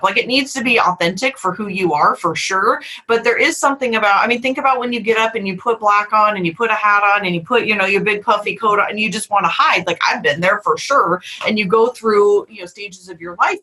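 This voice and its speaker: A woman's voice: mid-range voice, pushed and bright, poor audio. A middle-aged woman hosting a podcast, talking frankly and emphatically in a candid conversation, swearing casually. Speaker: podcast host.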